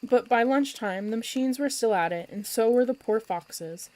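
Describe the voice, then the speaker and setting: A woman storyteller reading a children's book aloud at bedtime with expressive, lively narration. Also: on the high side, normal speed, no room sound, rough recording.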